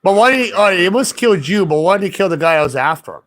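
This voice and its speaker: A man in a casual chat, telling a story in a rambling, profane, animated way and acting out what other people said. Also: sits high, racing, a little hiss or hum. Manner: rambling, profane, animated retelling with quoted voices.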